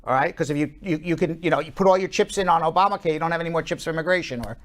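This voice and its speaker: Animated male talk show host. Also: fairly high pitch. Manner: animated, fast bursts with many fillers. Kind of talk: casual political commentary.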